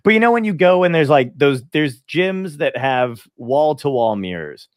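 A male comedian from Brooklyn, swearing freely as he spins stories in a loose conversation. His pitch swoops up and down, and he slips into the voices of the people he is quoting. The recording is close and dry, with no room sound. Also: moderate pace, no echo. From Brooklyn, New York; grew up in New Jersey. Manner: profane, animated, acts out quoted voices. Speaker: stand-up comedian, guest. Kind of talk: casual podcast chat, storytelling.

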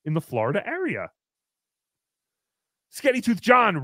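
High-voiced goofy livestream host man. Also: huge pitch swings, measured pace, long pauses, no room sound, studio quality. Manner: goofy, mocking, jumps into loud cheers. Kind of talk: casual comedy livestream chat.

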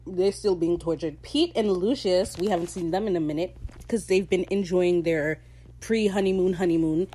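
A woman hosting a podcast, recapping a TV episode in casual chat, animated and slangy, often laughing mid-sentence. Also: lowish voice, normal speed. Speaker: podcast host.

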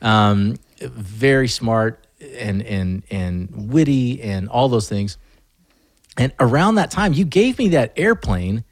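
A man's voice: mid-range voice, animated, slow, no echo, clean studio sound. Laughing, stammering man reminiscing. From North Carolina, US. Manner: laughs often, warm and reminiscing, stammers into restarts. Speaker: podcast host. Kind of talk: casual chat.

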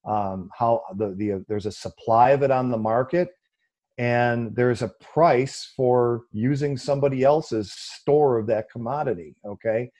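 Mellow-voiced man explaining in an interview. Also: unhurried. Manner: animated, mocking quoted voices with a raised pitch, many fillers. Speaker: guest explaining economics. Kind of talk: conversational interview answer.

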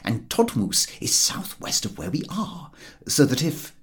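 A man's voice: mid-range voice, wildly swooping pitch, unhurried, slightly rough, pitched above the performer's own voice, full character voice. A man reading the part of a cheerful, overconfident man explaining where they are, in a self-assured manner. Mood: confident.

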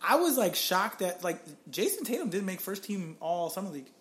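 A young man co-hosting a casual sports podcast, relaxed and teasing, often repeating his short reactions. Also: high voice, fairly quick. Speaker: podcast co-host.

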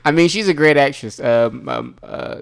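A man's voice: mid-range voice, expressive, normal speed, creaky. A man co-hosting a casual podcast, laid-back and chatty, who laughs often and trails off mid-sentence. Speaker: podcast co-host. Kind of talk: casual chat.

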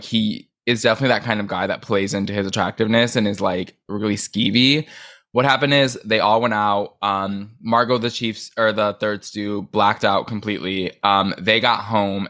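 Man, low pitch, casual podcast chat, quick gossipy recapping. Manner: fast, animated recapping with filler words. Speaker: podcast co-host.

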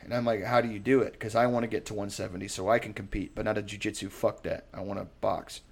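A young man in casual chat, rambling and profane, telling animated stories. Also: fairly low pitch, fast, vocal fry, slightly rough.

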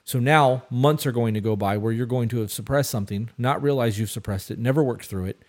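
A man's voice: mid-range voice, fairly quick, darkish tone. A man in his thirties co-hosting an advice podcast, talking casually and bluntly, swearing and repeating himself for emphasis. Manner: blunt, profane, repetitive. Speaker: podcast co-host.

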